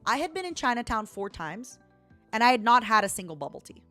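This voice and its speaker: A woman's voice: a little high, big pitch swings, a little fast, pushed and bright, no echo, soft background music. A woman streamer in casual chat, telling a story dramatically and animatedly.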